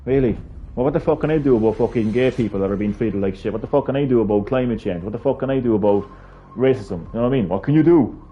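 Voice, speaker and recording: An Irish gaming streamer rants casually and heatedly while playing, swearing a lot and rambling. He has a mid-range voice and talks fast; the audio is dull, with soft music in the background.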